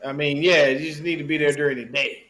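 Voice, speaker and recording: A man co-hosting a casual sports podcast, chatting in an animated, slangy way and laughing often. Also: on the high side, fast, a little hiss or hum. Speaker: podcast co-host.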